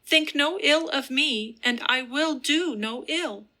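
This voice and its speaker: An earnest young noblewoman, as a woman reader puts her on pleads in a high, gentle voice. She speaks slowly and with a bright edge. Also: exaggerated voice. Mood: grave.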